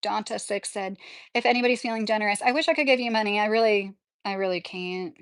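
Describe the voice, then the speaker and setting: A woman's voice: medium pitch, fast talker. A woman hosting a casual livestream, chatting and talking back to viewer comments as she reads them. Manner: chatty, laughs often, talks back to the chat. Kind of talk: casual chat.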